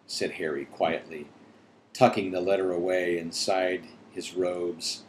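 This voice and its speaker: A man reading a storybook aloud to his daughters, playful and unhurried, correcting his own slips. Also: low voice, a little mellow, slight background noise, poor audio. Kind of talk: bedtime storybook read-aloud.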